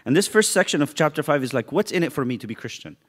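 A man teaching a youth Bible study, animated and joking as he acts out people's reactions. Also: a little high, fast talker.

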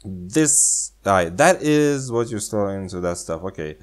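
A man's voice: on the low side, lively intonation, unhurried. A man playing a game and commenting casually, sarcastic and playful, in slightly non-native English. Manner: sarcastic, playful, speaks English as a second language. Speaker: gaming channel host.

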